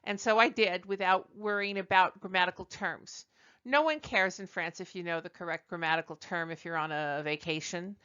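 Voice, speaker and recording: Bright-voiced woman teaching French. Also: lowish voice, normal speed, clear, resonant tone, dull audio. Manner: chatty, self-correcting, switches into read-out French. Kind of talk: slide lecture.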